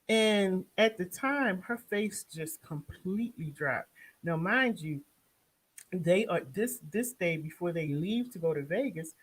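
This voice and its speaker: Woman, Baltimore accent, husky, low-pitched, lively show recap, talks back at the screen. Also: low-quality recording. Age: young adult or middle-aged, has a son. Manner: animated storytelling, talks back to the people in the show. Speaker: show host reviewing a reality series. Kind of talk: casual recap and commentary.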